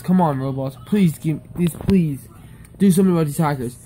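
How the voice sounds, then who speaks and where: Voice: mid-range voice, moderate pace, mellow, slight background noise. A young speaker ranting angrily and pleading over and over, saying "beep" in place of swear words. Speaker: upset player. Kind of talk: angry rant to camera.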